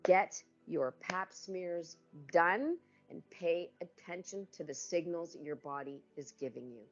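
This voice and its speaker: A woman's voice: fairly low pitch, takes it slowly, lo-fi sound, faint music behind. A woman in her fifties telling her own cancer story candidly, acting out what others said to her. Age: 50s. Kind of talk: personal testimony.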